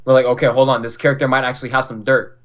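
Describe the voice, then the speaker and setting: A man's voice: medium pitch, little pitch movement, very fast, fairly bright tone. Young man from Florida, lo-fi call audio. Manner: chatty, fills talk with "like", acts out quoted dialogue. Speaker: podcast guest, competitive fighting game player. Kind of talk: casual storytelling. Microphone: online call.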